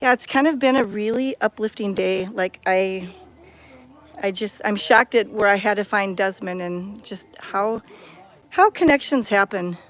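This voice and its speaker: Holding a phone camera, a woman vlogs outdoors while walking around a cat sanctuary, chatting in a bubbly, enthusiastic way. Her mid-range voice is a little slow.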